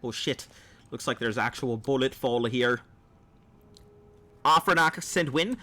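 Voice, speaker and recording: A male game streamer chats with his viewers in a put-on Australian accent. His voice is bright and forceful. He rambles along in a playful, loose way while he plays. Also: medium pitch, measured pace. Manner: rambling, playful, talks to chat. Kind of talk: gameplay livestream chat.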